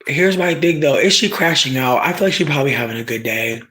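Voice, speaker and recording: Streamer chatting with viewers: brash, profane, animated, prone to loud shouting bursts, mid pitch. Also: fast. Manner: asides to the audience. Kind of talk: casual storytelling chat.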